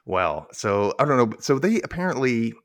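A man hosting a podcast in a casual chat, recapping a cartoon episode as an animated storyteller who laughs often. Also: medium pitch, normal speed. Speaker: podcast host.

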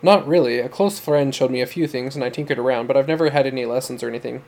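A man's voice: mid-range voice, fast, a little mellow, lightly acted. A man voicing an earnest, modest young male missionary in a storybook reading.

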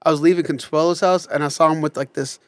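A man's voice: fairly high pitch, steady tone, fast, no echo. A man in casual chat, telling a rambling, profane story about family.

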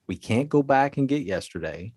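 A man's voice: mid-range voice, lively intonation, normal speed, darkish tone, breathy edge, no echo, clean studio sound. A man giving earnest relationship advice in a motivational talk, speaking straight to his listeners in a coaching way.

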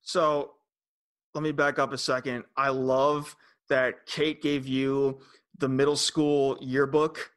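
A man co-hosting a podcast, teasing and excitable in casual chat. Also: medium pitch, takes it slowly. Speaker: podcast co-host.

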